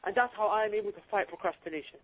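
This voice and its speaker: A man's voice: high-pitched, racing. A man giving a fired-up, emphatic motivational religious talk over a webinar. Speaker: guest speaker. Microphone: webinar audio. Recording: tinny phone-like webinar line.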